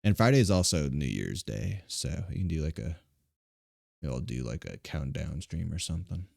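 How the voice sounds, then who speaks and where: A man's voice: extremely low pitch, expressive, moderate pace, vocal fry, a little mellow, dry recording, studio quality. A male streamer chatting casually and playfully as he wraps up a live game stream. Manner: rambling, playful.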